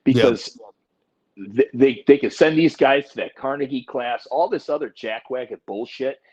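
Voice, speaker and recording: Man, forties, husky voice, blunt and profane, casual podcast chat, muffled lo-fi sound. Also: mid-range voice, moderate pace, a little mellow. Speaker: podcast co-host. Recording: dull lo-fi recording.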